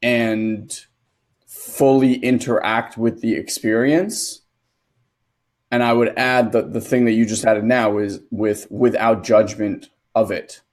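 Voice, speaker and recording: Male co-host and dad, lowish voice, earnest storyteller, casual podcast. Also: fairly even intonation, slow, darkish tone. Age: adult, a father. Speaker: co-host and transformation coach.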